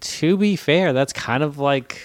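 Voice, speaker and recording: A man's voice: fairly high pitch, unhurried, no echo. A man co-hosting a podcast in casual chat, swearing freely and laughing often. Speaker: podcast co-host.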